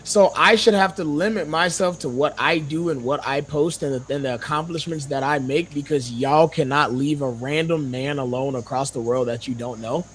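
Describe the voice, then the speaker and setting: A man's voice: fairly high pitch, moderate pace, few pauses, fairly bright tone, slight background noise. A young man, a podcast guest, talking heatedly and indignantly, swearing and firing off rhetorical questions. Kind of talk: heated casual podcast talk.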